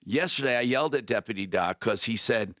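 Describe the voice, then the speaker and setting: A man hosting a call-in radio talk show, rambling and thinking out loud with frequent restarts. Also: medium pitch, brisk, no room sound. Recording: dull lo-fi radio broadcast.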